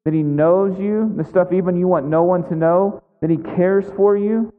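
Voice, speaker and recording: Preaching at a moderate pace in a high-sitting voice, a man delivers a sermon in a church sanctuary. He presses his listeners again and again with questions, earnest and conversational, and the recording sounds phone-like in a reverberant space.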